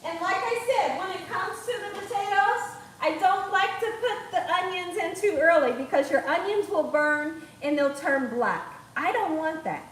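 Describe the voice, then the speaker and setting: A high-pitched young woman hosts a live cooking stream, chatty and quick to laugh, tagging "okay?" onto her steps. She sounds far from the mic, in a very echoey home kitchen with faint cooking noise behind her. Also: animated, a bit bright. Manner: chatty, laughs often, says okay a lot. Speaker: cooking channel host.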